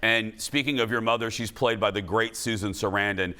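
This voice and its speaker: A man hosting a daytime TV talk show, chatty and animated with self-deprecating asides. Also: lowish voice, a little fast, smooth. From family from the American South. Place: TV studio with live audience.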